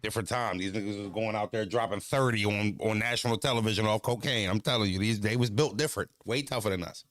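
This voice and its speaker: A man chatting casually, telling stories in a profane, animated way and laughing often. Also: on the low side, quick pace, hardly any pauses, no room sound. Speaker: streamer. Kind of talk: casual chat.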